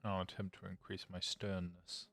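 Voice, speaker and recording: A man playing a police officer in an online roleplay, talking in a flat, monotone way in casual chat. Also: deep voice, normal speed, vocal fry, soft background music.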